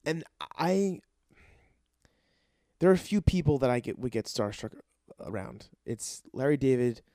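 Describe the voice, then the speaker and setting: Speaking unhurriedly in a mid-range voice, this podcast host and aspiring comedian spins a profane, rambling story for his comedy show. He's young and excitable, often starting over mid-thought. The audio is studio quality, with no echo.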